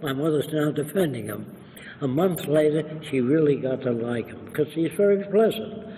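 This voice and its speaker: A man's voice: a little high, normal speed, long reverb tail, slight background noise, low-quality recording. An older man, an interview guest, telling anecdotes and acting out the people in them. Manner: animated, acts out quoted voices. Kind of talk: anecdotal storytelling.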